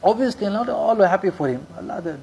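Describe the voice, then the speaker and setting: A man's voice: high voice, animated, creaky, background noise. A man preaching a sermon, telling stories and mixing Urdu and Arabic religious terms into English, repeating key lines for emphasis. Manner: recites Quranic verses rapidly in Arabic. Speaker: Islamic preacher.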